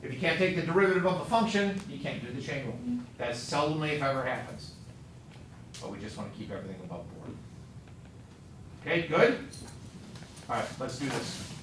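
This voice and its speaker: A man's voice: medium pitch, animated, fairly quick, long pauses, background noise. A male math teacher lecturing a class, quizzing students with upbeat joking asides. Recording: echoey classroom, mic far off.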